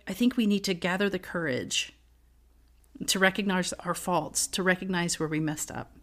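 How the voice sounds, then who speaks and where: A woman's voice: on the low side, steady tone, moderate pace, a bit bright. A middle-aged woman co-hosting a casual faith podcast, telling personal stories earnestly and laughing often. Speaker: podcast co-host.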